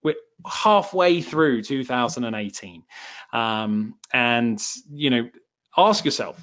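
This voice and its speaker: A man's voice: mid-range voice, lively intonation, slow pace, fairly bright tone. Chatty southern English man, lo-fi. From England. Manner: chatty, self-deprecating, many fillers. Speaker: online course host. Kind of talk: live webinar Q&A.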